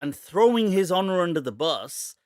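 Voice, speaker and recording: A man's voice: high-pitched, lively intonation, moderate pace, dry recording, clean studio sound. A man hosting a live-stream question-and-answer show, joking and laughing often and slipping in Urdu phrases. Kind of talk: casual live-stream chat.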